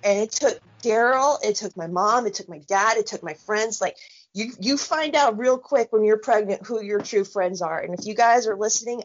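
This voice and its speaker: A woman's voice: medium pitch, normal speed. A woman in her thirties, co-hosting a podcast in casual chat, talking bluntly with lots of swearing and heated rants. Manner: blunt, profane, heated ranting. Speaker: podcast co-host. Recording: dull lo-fi sound.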